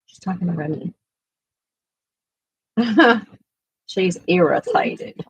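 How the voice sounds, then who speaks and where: A woman's voice: fairly low pitch, expressive, slow pace, creaky, long pauses, breathy edge, no room sound, rough recording. A woman chatting casually while painting at home, cooing sing-song at her dogs. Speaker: artist and vlogger.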